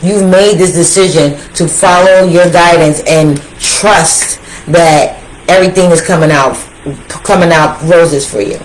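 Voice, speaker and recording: A woman giving a casual tarot reading, talking straight to her viewers in an animated, slangy way that repeats phrases for emphasis. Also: fairly low pitch, a little slow, slight background noise, low-quality recording. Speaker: tarot reader.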